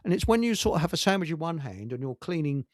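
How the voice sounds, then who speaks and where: A man's voice: on the high side, very animated, fast talker, a little mellow, no room sound. A man hosting a casual talk show, rambling through stories, laughing often and restarting his sentences. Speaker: radio show host. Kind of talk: casual chat with anecdotes.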